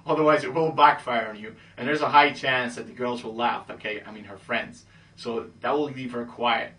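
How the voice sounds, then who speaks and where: A man coaching listeners on dating in a confident, matter-of-fact monologue, ending almost every point with a low "okay?". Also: steady tone, normal speed, bright, forceful tone, distant mic. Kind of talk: instructional monologue.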